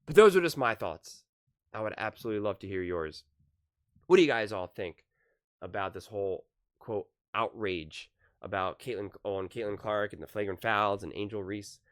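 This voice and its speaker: A man hosting his own sports commentary vlog, ranting with animated energy and acting out the fans he quotes. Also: on the low side, normal speed, dry recording, clean studio sound. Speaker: sports commentary channel host.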